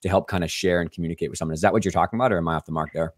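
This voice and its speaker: A man's voice: sits low, steady tone. A man hosting a podcast interview, explaining in a casual way with lots of "like". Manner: quick, explanatory, hedging with "like". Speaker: podcast host.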